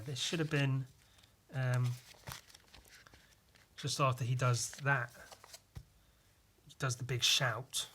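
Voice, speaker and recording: A man's voice: medium pitch, pushed and bright, slight background noise. A young man casually talking over his old comic, self-mocking and swearing. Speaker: vlogger. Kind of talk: casual commentary.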